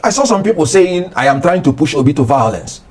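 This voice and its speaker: Impassioned Nigerian man, husky and lively. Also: fairly high pitch, brisk. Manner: impassioned, rising to near shouting. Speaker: political guest. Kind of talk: heated political talk show interview.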